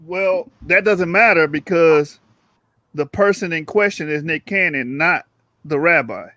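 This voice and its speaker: High-voiced emphatic man. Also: a little slow, pushed and bright, no echo, highs cut off. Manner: emphatic, stumbles for words. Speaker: debate panelist. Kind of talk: casual debate chat.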